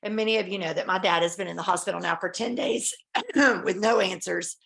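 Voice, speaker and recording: A woman's voice: lowish voice, a little fast, vocal fry, a bit bright. Upbeat woman host on a video call. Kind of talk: casual team video call.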